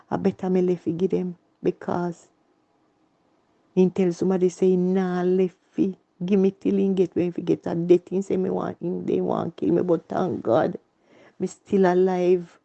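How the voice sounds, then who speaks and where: A woman's voice: lowish voice, gravelly, dark tone, dull audio. A woman with a Jamaican accent telling her personal story in earnest, repetitive Patois. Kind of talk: emotional personal testimony.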